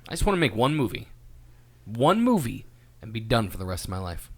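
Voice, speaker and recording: A man's voice: lowish voice, big pitch swings, fairly quick, slightly rough. An American man co-hosting a podcast, chatting casually and joking with a lot of laughter. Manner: jokey, laughs often. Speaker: podcast co-host and part owner. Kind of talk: casual chat.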